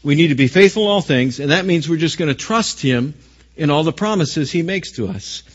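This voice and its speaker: A man preaching a sermon with a fairly high voice, pressing hard on key phrases and turning to the listeners with questions. The recording sounds dull and lo-fi. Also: expressive, brisk. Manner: emphatic preaching, rising loud on key phrases. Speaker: pastor.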